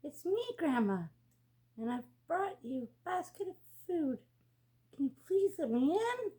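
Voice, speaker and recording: A woman's voice: sits high, big pitch swings, unhurried, dark tone, pitched above the performer's own voice. A woman voicing a sly male wolf who fakes a sweet grandmother's voice in a storybook reading. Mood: sweetly coaxing. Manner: sugary put-on voice turning to growls.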